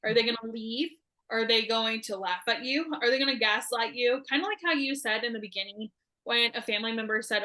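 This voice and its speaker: A woman's voice: fairly high pitch, fairly quick, sharp tone. A woman hosting a podcast, chatting casually and rambling a bit with lots of fillers. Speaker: podcast host. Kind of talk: casual chat.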